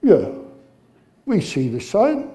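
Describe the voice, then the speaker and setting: A man doing a deadpan Russian guy. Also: high voice, takes it slowly, pitched above the performer's own voice, exaggerated voice. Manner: flat, unbothered deadpan. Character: calm, matter-of-fact Russian man.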